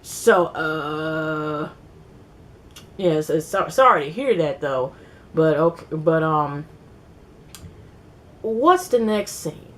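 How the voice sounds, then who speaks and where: A woman casually recapping a reality TV episode, rambling and animated, acting out quotes and swearing freely. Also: sits low, extremely slow, long pauses. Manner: rambling, animated retelling with quoted voices and profanity. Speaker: TV recap vlogger.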